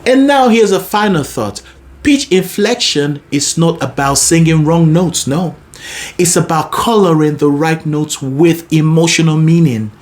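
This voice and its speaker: A woman's voice: low-pitched, unhurried, a little mellow. A woman vocal coach teaching a singing lesson, explaining techniques and stopping to sing short examples. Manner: explains then demonstrates by singing. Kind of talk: singing lesson with sung demonstrations.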